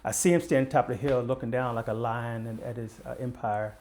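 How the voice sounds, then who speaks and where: Older man with a gravelly voice. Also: mid-range voice, fairly even intonation, fast, darkish tone. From Baltimore, USA. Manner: vivid storyteller who acts out quoted dialogue. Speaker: retired police detective, guest. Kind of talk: conversational storytelling.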